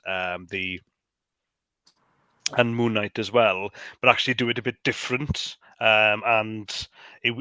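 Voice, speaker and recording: A man co-hosting a casual chat, talking in halting bursts and repeating his words often. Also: fairly low pitch, sharp tone, clean tone, no room sound. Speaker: podcast co-host.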